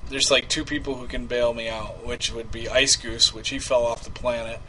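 Brief: male prank-show host, bright, slightly high voice, chatty and crude, faint hiss behind. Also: little pitch movement, moderate pace, rough recording. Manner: loose, laughing, swears freely. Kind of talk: casual live-stream chat.

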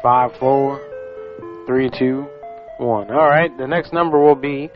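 A man hosting a prank-call radio show, teasing callers with cheeky, deadpan banter. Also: medium pitch, slow. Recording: dull radio recording with faint music.

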